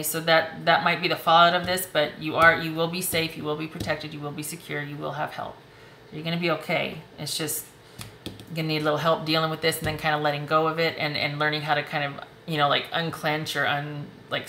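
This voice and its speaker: Low bright-toned woman reading tarot, reassuring. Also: level tone, brisk, vocal fry, roomy sound, a little hiss or hum. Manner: warm, reassuring, emotional, laughs often. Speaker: tarot reader. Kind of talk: casual tarot reading to camera. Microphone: close desk mic.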